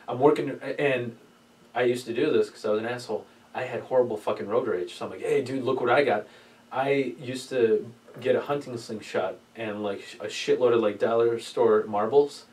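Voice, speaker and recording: A man's voice: mid-range voice, moderate pace, darkish tone, distant mic, rough recording. A man telling a crude story in a rambling, profane way, often laughing at himself. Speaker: podcast co-host.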